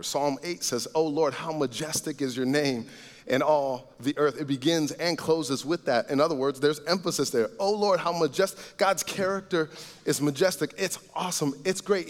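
A man preaching a sermon as pastor, earnest, rising to loud emphatic lines and dropping to soft low asides. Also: big-room sound. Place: church sanctuary.

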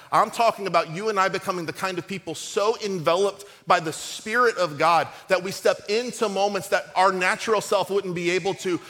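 A middle-aged man preaching a sermon, lively and conversational, acting out quotes in his stories, with a cold. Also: high-pitched, big-room sound. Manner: storytelling, animated and conversational, acts out quotes. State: has a cold. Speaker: pastor.

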